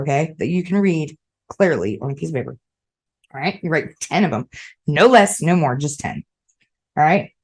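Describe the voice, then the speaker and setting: A woman podcast host with a slightly low voice, talking straight to her listeners in a loose, animated way. She swears freely, repeats herself for emphasis and keeps checking in with "okay?". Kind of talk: casual motivational monologue.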